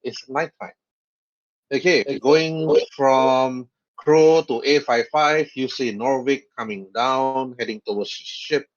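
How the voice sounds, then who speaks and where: A man narrating as game master of an online tabletop game, in a relaxed, halting way with many fillers. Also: mid-range voice. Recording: dull lo-fi voice chat audio.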